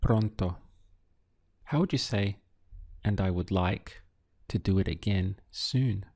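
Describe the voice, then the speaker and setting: A man teaching a Spanish lesson, patient and clear, repeating and spelling words slowly. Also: low-pitched, a little mellow. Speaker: Spanish tutor. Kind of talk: slow, clear language lesson.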